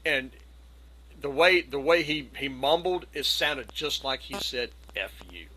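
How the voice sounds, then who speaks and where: A middle-aged man spins a rambling anecdote over a video call, lively and conversational, now and then putting on other people's voices. His voice sits a bit high for a man and rings bright and forward. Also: measured pace, rough recording. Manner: animated anecdote, acts out quoted voices. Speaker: community gathering participant. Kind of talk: casual storytelling.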